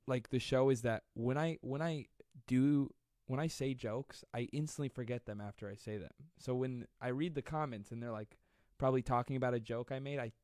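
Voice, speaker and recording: A man in his twenties hosting a live stream, reading viewer comments aloud and joking with a fast, self-deprecating manner. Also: medium pitch, clear, resonant tone, no room sound, studio quality. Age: 20s. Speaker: livestream host.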